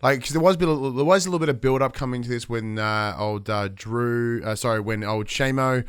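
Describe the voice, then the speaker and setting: Co-host, mid-pitch, relaxed banter, a bit halting and playful. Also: smooth. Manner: relaxed, joking, stumbles over words. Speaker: podcast co-host. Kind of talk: casual chat.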